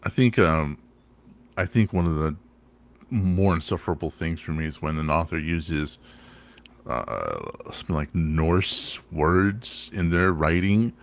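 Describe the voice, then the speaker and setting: A man co-hosting a casual talk show, animated and swearing, often restarting his sentences. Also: low-pitched, unhurried. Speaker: podcast co-host. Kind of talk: casual profane chat.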